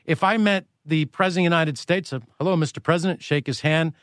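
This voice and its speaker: A man's voice: on the high side, fast, a bit bright, no echo, clean studio sound. A man hosting a radio interview, telling playful, teasing stories. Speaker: radio show host.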